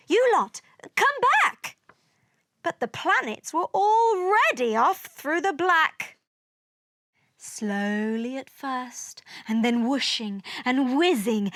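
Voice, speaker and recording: Expressive woman reading a rhyming storybook. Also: high-pitched, slow pace, dry recording, studio quality. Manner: expressive, sing-song. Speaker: narrator. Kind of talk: storybook read-aloud in rhyme.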